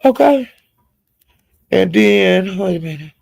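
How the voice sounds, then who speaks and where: A man's voice: high voice, animated, slow pace, vocal fry, a little mellow, no echo. A man giving casual, profane gossip commentary on online live streams and scolding the people involved directly. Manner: talks straight to the people discussed.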